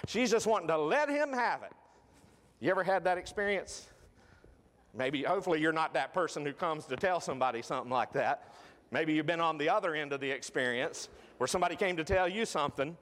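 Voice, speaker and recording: A man's voice: on the high side, animated, a little fast, a bit bright, in a large hall. A man preaching a sermon in a conversational way, with frequent fillers and restarts.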